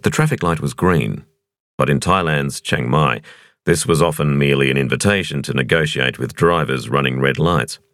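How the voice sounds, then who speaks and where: A man reading a thriller audiobook in a measured, expressive narration. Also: a bass voice, dry recording, studio quality. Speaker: audiobook reader.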